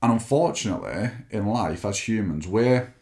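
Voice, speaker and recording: A man's voice: lowish voice, expressive, normal speed, darkish tone. A young British man co-hosting a weight loss podcast, chatting casually and teasing his co-host. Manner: chatty, teasing, banter-driven. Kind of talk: casual chat.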